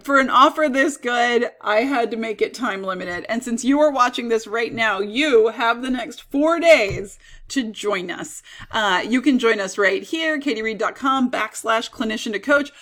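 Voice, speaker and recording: A woman coach giving an upbeat, persuasive sales pitch for her online course. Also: normal speed, a bit bright. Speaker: business coach.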